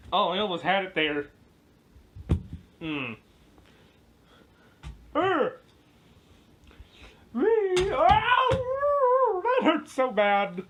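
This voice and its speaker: A woman giving playful live commentary at home, excitable and full of yelps and exclamations, recorded on a camera mic indoors. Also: mid-range voice, slight background noise. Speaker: home video maker.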